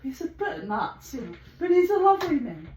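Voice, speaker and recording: A woman's voice: high-pitched, very animated, fairly quick, a little mellow, roomy sound, slight background noise, low-quality recording. A woman vlogger telling stories casually from a room at home full of bird cages, laughing often and acting out the people in them. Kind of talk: casual storytelling.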